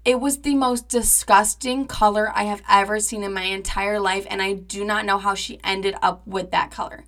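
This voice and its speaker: A young woman in her twenties talks through a personal story on her podcast. Her voice is bright and crisp. She is chatty and dramatic, leans on "like" constantly, and swears freely. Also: medium pitch, fairly even intonation, normal speed. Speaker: podcast host. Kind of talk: casual storytelling monologue.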